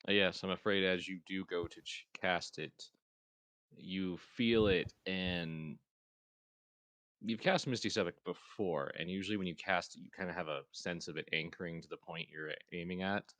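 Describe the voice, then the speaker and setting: A man narrating as game master of a tabletop game, calm and explanatory. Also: low voice, moderate pace, no room sound.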